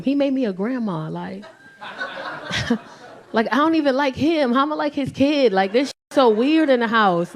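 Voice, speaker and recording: Stand-up woman in her forties, high-pitched, swears freely, swings into shouting. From Belizean and Nigerian heritage. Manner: profane, animated storytelling with loud shouted bursts. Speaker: stand-up comedian. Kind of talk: stand-up comedy. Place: comedy stage with live audience.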